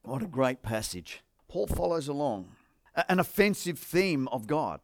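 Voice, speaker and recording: A man's voice: on the high side, big pitch swings, a little slow, no echo, studio quality. An Australian man preaching a sermon as pastor, firing rhetorical questions at the congregation.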